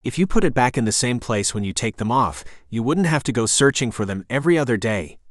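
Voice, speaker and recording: A brisk, chatty innkeeper woman in her sixties with a faint Jamaican accent, all rapid-fire energy, as a male narrator voices her. The sound is close and dry, at a middle pitch. She is the lively figure of an audiobook romance. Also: no room sound, close to an everyday voice.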